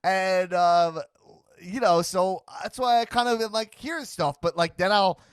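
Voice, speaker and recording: A man's voice: high voice, steady tone, a little slow, clean tone, no echo, studio quality. A man hosting a casual talk show, rambling with lots of restarts and stammered repeats, and acting out other people's voices in the middle of his sentences. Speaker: podcast host. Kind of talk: casual chat.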